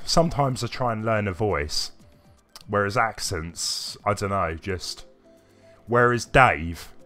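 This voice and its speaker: A man's voice: fairly low pitch, fairly bright tone. Chatty British man streaming a game. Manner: rambling, chatty, answers chat by name. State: unwell, coughing. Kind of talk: live gameplay commentary, chatting with viewers. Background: faint game music.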